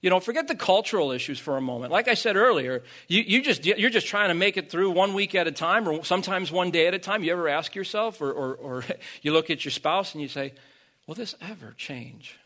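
High-pitched guy preaching, trips over his words, gets loud and fired up on the big lines. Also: expressive. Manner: halting, repeats words, builds to loud emphatic peaks. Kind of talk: sermon.

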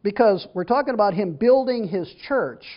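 The voice belongs to a man who sits high in pitch, with lively intonation and a moderate pace. He reads verses from the Bible, then talks them over in a casual, chatty fashion, restarting sentences now and then, all on a dull lo-fi recording.

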